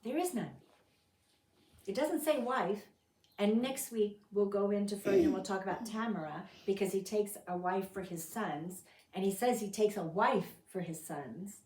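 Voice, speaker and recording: A woman's voice: mid-range voice, normal speed, recorded from a distance. A woman teaching a Bible study, telling the story dramatically and acting out the characters' lines. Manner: dramatic, acts out quotes with sudden loud outbursts. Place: fellowship meeting room. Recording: roomy sound from off the mic.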